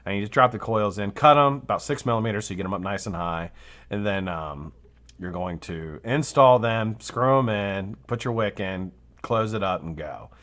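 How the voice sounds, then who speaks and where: A man's voice: lowish voice, normal speed, fairly bright tone. A man hosting a live vape review show, talking casually and enthusiastically and swearing freely.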